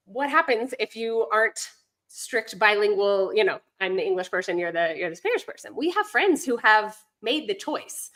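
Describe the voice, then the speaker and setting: Woman, podcast guest, bright tone, chatty, rambling asides. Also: medium pitch, lively intonation, moderate pace. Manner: chatty, digresses, many fillers. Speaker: guest, homeschooling mom and language instructor. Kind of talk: conversational podcast interview.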